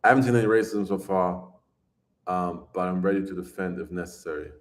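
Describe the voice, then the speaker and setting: A man with a lowish voice hosts a relaxed live stream. He rambles, overshares and answers viewers' questions one after another, laughing easily along the way. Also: fairly quick. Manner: excitable, laughs often. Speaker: livestreamer chatting with viewers. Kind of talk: casual live-stream chat.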